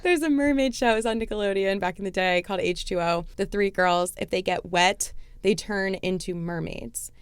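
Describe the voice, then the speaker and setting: A woman's voice: medium pitch, normal speed, clear, resonant tone. A young woman hosting a podcast, chatting casually and laughing often between thoughts. Her speech is full of "like" fillers, in a dry, close sound with no room echo. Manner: giggly, many "like" fillers. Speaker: podcast host. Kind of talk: casual chat.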